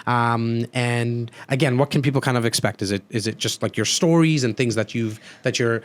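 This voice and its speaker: A man's voice: mid-range voice, moderate pace. Chatty male podcast host. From Canada. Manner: chatty, many restarts and fillers. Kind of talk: casual chat.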